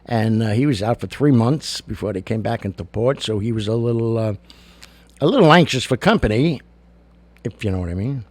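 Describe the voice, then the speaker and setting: A man's voice: mid-range voice, lively intonation, fairly quick, a little mellow, dry recording. An older man hosting a show, telling jokes and giving blunt opinions in a chatty, casual monologue. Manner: gravelly, blunt and chatty, with many fillers. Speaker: show host.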